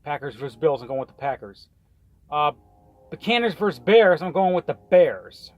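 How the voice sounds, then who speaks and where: A man's voice: on the high side, sing-song, moderate pace, no room sound, soft background music. A man casually ranting and rambling through his weekly football picks, swearing often and tripping over his words. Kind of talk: casual rant. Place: in a truck on the road.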